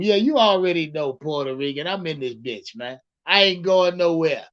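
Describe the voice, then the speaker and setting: A man's voice: a little high, expressive, normal speed, hardly any pauses, fairly bright tone, lo-fi sound. A man casually chatting with his livestream viewers about football, profane and rambling, repeating himself and calling out the chat. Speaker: livestream sports commentator.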